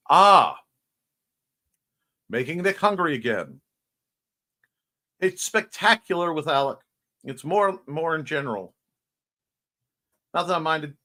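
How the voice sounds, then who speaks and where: A man with a sharp-toned, mid-range voice hosts a casual livestream morning show. He chats playfully, reading out and answering viewer comments while jumping between topics.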